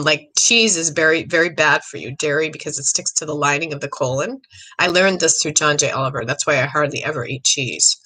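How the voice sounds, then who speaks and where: A middle-aged woman hosting a live psychic reading stream, chatty and rambling, excitable, often clearing her throat. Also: low-pitched, rough recording. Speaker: psychic medium host.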